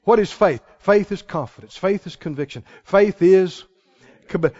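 A man preaching a sermon who rises into shouts and calls out questions to the congregation. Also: sits high, moderate pace, muffled recording.

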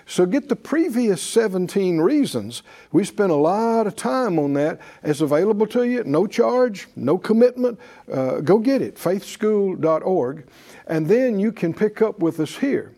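A man's voice: high-pitched, very animated, unhurried, warm tone. A man preaching a sermon, reading verses with emphatic rhythm and leading the congregation in repeated call-and-response. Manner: leads audience in repeated responses.

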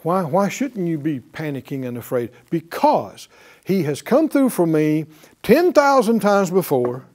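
A man preaching to a class, animated, asking them questions and acting out quotes. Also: a little high, measured pace. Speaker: bible teacher.

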